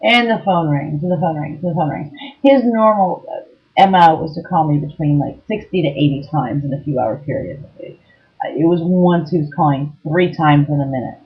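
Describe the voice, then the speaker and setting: A woman's voice: sits low, moderate pace. A middle-aged woman telling a personal story about an abusive ex-partner, talking earnestly with frequent ums and restarts. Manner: earnest and emotionally raw. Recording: dull lo-fi home recording.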